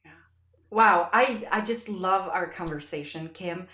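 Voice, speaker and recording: A woman hosts a podcast in casual conversation, effusive and animated. Her voice sits a little low for a woman. The sound has a roomy echo around it. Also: unhurried. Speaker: podcast host. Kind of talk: casual interview chat.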